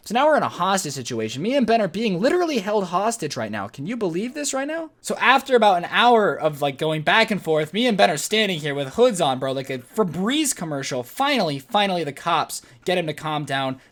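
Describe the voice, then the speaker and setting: A young man spins a dramatic storytime for his vlog audience. His voice sits a little high and leaps up and down as he tells it. He talks in loose slang and hams up the story for laughs. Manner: animated, jokey storytelling with slang. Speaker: vlogger.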